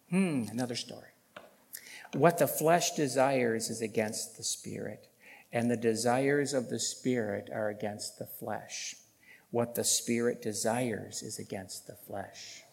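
Male pastor, sermon delivery, emphatic and deliberate, long church reverb. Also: mid-range voice, creaky. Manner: emphatic, rising loud on key points, rhetorical questions.

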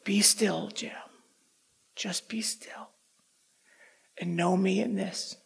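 God, quiet and gravelly as a man puts him on. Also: high-pitched, fairly even intonation, slow, slight background noise, full character voice. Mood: reassuring. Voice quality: gravelly, husky. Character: God, calm male divine voice, firm and reassuring.

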